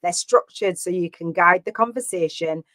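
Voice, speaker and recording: A woman's voice: lowish voice, normal speed, fairly bright tone, no echo. A woman coaching live on a stream, chatty and rambling with many fillers and restarts. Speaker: business coach.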